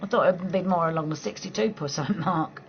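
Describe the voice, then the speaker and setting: A woman from southeast England with a local accent, chatting casually with viewers on a late-night live stream from home, blunt and quick to laugh. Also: on the low side, dull audio, slight background noise. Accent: southeast English. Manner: chatty, blunt, swears freely, laughs easily.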